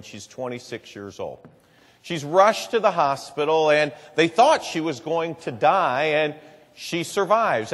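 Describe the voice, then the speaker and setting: A man's voice: fairly high pitch, fairly bright tone. A man telling a story in earnest to a live audience. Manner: earnest storytelling, repeats "and boy". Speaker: public speaker. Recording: long hall reverb.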